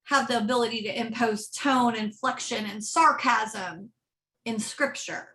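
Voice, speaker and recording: Bright-voiced woman pastor preaching. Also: fairly high pitch, unhurried. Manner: conversational, often asking "right?". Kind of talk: sermon. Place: church.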